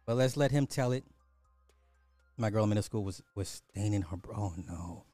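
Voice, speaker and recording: A man's voice: fairly low pitch, normal speed, mellow, no room sound, soft background music. A man giving reaction commentary, rambling and trailing off mid-sentence.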